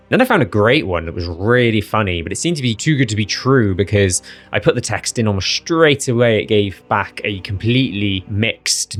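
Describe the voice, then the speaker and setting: A man's voice: fairly low pitch, a bit bright. A man who runs tabletop games, casually explaining a project to viewers in a chatty way that breaks into laughter at silly results. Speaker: dungeon master and video host.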